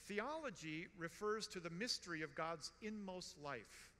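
Bright-voiced man in his sixties, hall reverb. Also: sits high, a little slow. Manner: animated, joking, emphatic repetition. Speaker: conference speaker. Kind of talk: storytelling conference talk. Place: large conference hall.

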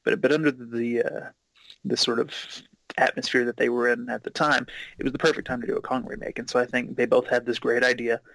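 A man's voice: mid-range voice, level tone, a little fast, creaky, fairly bright tone, dry recording, low-quality recording. A man co-hosting a casual movie commentary, rambling with lots of fillers and casual swearing. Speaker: commentary co-host.

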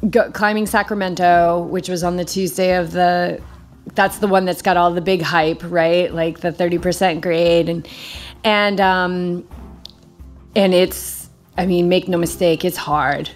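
Lowish-voiced woman podcast host, chatty and animated, lots of ums and likes. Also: a little slow, faint music behind. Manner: animated, lots of fillers, acts out quoted cheers in a high voice. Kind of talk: casual storytelling chat.

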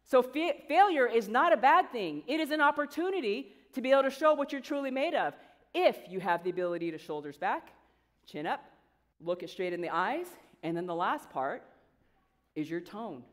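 A woman coach giving an energetic motivational speech to students, talking conversationally and quizzing the audience. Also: fairly high pitch, normal speed. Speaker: coach and guest speaker. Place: large event hall with an audience. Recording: long hall reverb.

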